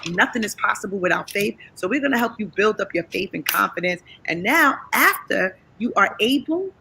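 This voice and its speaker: Upbeat woman guest, bright and gravelly voice, preachy and encouraging, faint rumble behind. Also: expressive, a little fast, rough recording. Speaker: guest co-presenter. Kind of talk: enthusiastic promotional talk.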